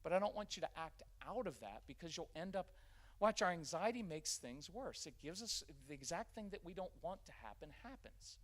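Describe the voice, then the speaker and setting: A man's voice: high voice, big pitch swings, fairly quick. A man in his fifties giving a live parenting workshop, joking and acting out parent-child dialogues. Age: 50s.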